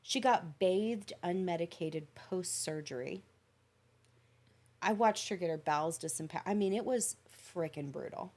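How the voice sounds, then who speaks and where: A woman's voice: on the low side, unhurried, darkish tone. A woman, a podcast guest, telling an emotional personal story in an earnest, reflective way. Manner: earnest, reflective, tells stories in detail.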